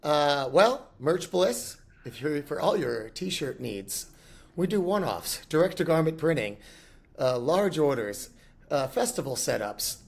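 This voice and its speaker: A man's voice: fairly high pitch, very animated, unhurried, creaky. A middle-aged man chatting casually as a podcast guest, telling rambling anecdotes and laughing often. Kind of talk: casual chat.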